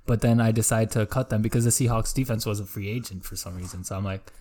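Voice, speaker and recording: A young man co-hosting a casual sports podcast, quick to tease and swear. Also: lowish voice, steady tone, warm tone. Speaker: podcast co-host.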